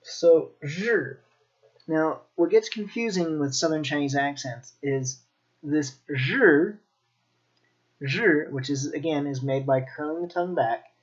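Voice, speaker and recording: A man teaching Mandarin pronunciation in a slow, demonstrative way, repeating each sound. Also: fairly high pitch, lo-fi sound. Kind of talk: pronunciation lesson.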